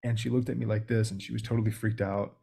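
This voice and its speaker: A man, a guest on a podcast, explaining sales techniques in a relaxed, practical coaching way. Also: lowish voice, quick pace, vocal fry, husky. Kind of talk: casual explanatory interview talk.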